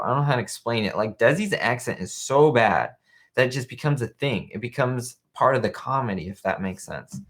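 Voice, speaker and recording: A man's voice: medium pitch, lively intonation, a little fast, a bit bright. A young man hosting a casual live-stream commentary, chatting in a rambling way and reading viewer comments aloud. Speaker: show host. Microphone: webcam live stream.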